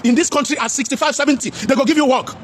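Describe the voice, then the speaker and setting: A man with a Nigerian accent giving a loud, preachy vlog commentary. He addresses viewers as his brothers, repeats himself and mixes English with Pidgin. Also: very high-pitched, very fast, a little hiss or hum.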